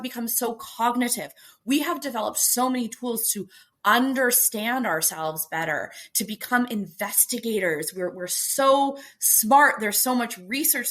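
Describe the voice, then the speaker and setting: Animated woman guest explaining stress. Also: fairly high pitch. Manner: animated, acts out inner voices, emphatic. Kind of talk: explaining in an interview.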